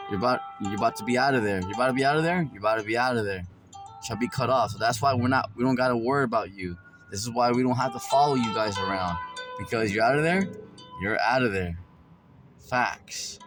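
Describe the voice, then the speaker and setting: A man's voice: medium pitch, brisk. A man preaching a casual street sermon in a conversational, slangy, repetitive way, full of fillers, with music playing behind.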